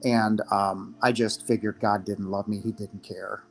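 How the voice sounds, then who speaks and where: A man in his fifties, a podcast guest giving a halting, emotional personal testimony, his voice breaking at times. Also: lowish voice, flat delivery, vocal fry, soft background music. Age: 50s.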